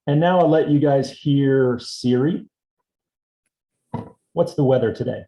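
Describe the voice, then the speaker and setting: Relaxed man teaching in a roomy hall. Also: mid-range voice, unhurried. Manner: relaxed, explains step by step. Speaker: assistive technology instructor. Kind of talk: instructional demonstration. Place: indoor seminar room. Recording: roomy echo.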